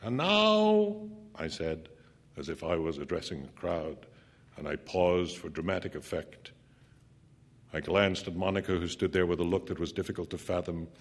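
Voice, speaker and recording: A man with a mid-range voice tells a first-person story aloud with intense drama, sometimes dropping into a hushed near-whisper.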